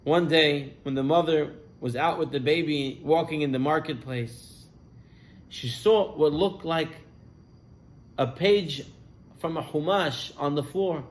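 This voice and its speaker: Male rabbi, high-pitched, animated sermon storyteller. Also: a little slow. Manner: animated storyteller, voice rising and falling with the tale.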